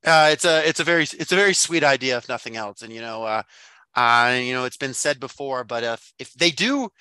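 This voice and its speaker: A man co-hosting a casual book podcast, talking through his ideas in a rambling, thoughtful way with plenty of fillers and restarts. His voice is bright and forward. The sound is dry and close to the mic. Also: mid-range voice, lively intonation, brisk, clear, resonant tone, dry recording. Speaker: podcast co-host.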